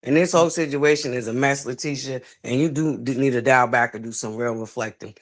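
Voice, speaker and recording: A woman's voice: very deep voice, brisk. A woman co-hosting a casual review chat, emphatic and scolding, speaking in Southern slang. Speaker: co-host.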